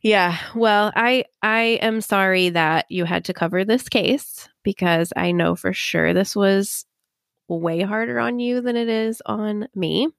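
A woman's voice: medium pitch, measured pace, vocal fry, no echo, studio quality. A young woman co-hosting a casual true-crime podcast, chatty and earnest, with lots of "like". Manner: chatty, earnest, says "like" often. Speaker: podcast co-host.

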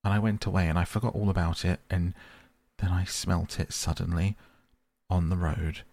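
A man's voice: low voice, steady tone, a little mellow, no room sound, clean studio sound. A man doing a sobbing homesick mole. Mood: grieving. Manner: sobbing, halting, stammering. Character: tearful homesick male mole, timid and pleading.

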